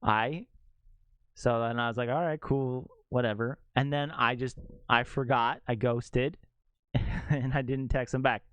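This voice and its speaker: A man's voice: mid-range voice, a little slow, pauses often, clean tone, no echo. A young adult man streaming a game, telling a rambling casual story to viewers with lots of "like" in his speech. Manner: rambling, animated, heavy use of "like".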